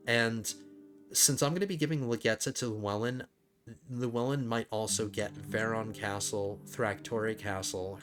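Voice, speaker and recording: A man with a fairly low voice talks through his strategy game as he plays, rambling and restarting his sentences. Faint music plays quietly under his commentary. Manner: thinks aloud, rambling with restarts. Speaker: let's play host. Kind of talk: casual gameplay commentary.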